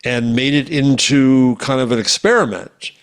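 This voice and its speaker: A man's voice: medium pitch, normal speed, smooth. Eager male podcast cohost. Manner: enthusiastic, restarts often. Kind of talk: casual chat.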